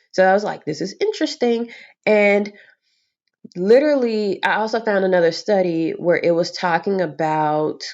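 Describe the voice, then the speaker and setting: Young woman vlogger, chatty and expressive, casual swearing, slightly dull home recording. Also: lowish voice. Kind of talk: casual storytelling to camera.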